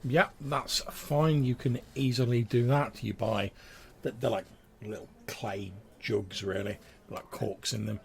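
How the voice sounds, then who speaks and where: A man narrating as game master in a relaxed, filler-heavy way. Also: medium pitch, unhurried, vocal fry. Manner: relaxed, hesitant descriptive narration with many fillers.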